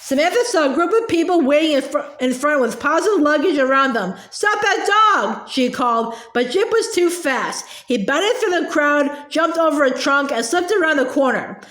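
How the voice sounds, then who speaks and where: High-voiced woman reading a storybook haltingly. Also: animated, fairly bright tone. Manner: halting, with many fillers and restarts. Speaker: reader. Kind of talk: reading a children's book aloud. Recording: echoey room.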